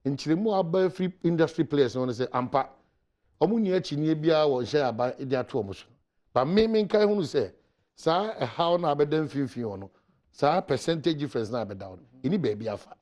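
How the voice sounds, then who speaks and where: A man's voice: a little high, lively intonation, brisk, a little mellow. A Ghanaian-accented man hosting a morning talk show, questioning his guest in a mix of Twi and English.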